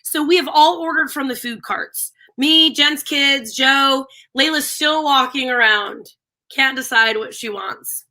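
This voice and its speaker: Woman, casual live-stream chat, animated storyteller, bright voice. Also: high voice, measured pace. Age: adult with a daughter.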